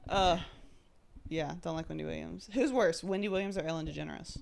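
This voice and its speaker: A woman's voice: sits low, fairly quick, creaky, crowd noise. A young woman hosting a casual podcast chat with friends, playful and teasing, laughing often. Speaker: podcast host.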